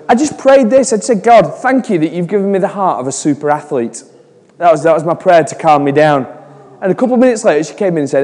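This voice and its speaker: A man's voice: high-pitched, animated, brisk, darkish tone, big-room sound. A man in his forties giving a chatty sermon, telling stories with frequent restarts. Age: 40s. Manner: chatty storytelling with repeated restarts. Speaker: preacher.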